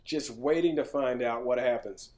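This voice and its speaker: A man's voice: mid-range voice, normal speed, very noisy. A man co-hosting a podcast in casual chat, playful and reading out results with mock drama. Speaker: podcast co-host.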